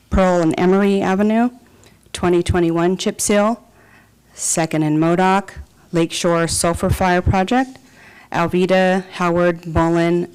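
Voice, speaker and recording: A woman's voice: on the low side, a little mellow, smooth, rough recording. A woman presenting a report to a city council, reading figures and lists steadily with the odd filler. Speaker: city department director. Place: council chamber.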